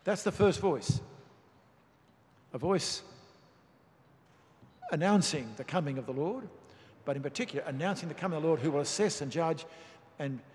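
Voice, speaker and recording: A man preaching a sermon, reading and explaining scripture in a measured, emphatic way. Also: on the high side, animated, darkish tone, a little hiss or hum. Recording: long reverb of a large hall.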